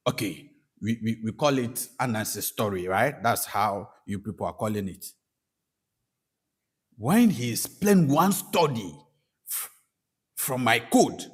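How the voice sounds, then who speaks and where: Man, Ghanaian English accent, husky, lively pitch, testimony storytelling. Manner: animated storytelling, acts out quoted voices. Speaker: spiritual practitioner and speaker. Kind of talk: personal testimony talk.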